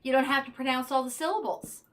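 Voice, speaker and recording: A woman's voice: high voice, fairly even intonation, fast talker, faint music behind. A woman streaming a game and chatting casually with her viewers, joking as she plays. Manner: chatty, joking asides to chat. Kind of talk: casual gameplay livestream chat.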